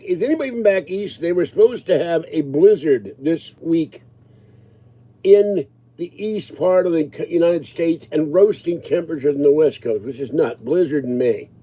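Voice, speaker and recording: A man's voice: fairly high pitch, normal speed, dark tone. A man in his sixties ranting casually to his viewers, agitated and rambling. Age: 60s. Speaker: livestreamer answering viewers.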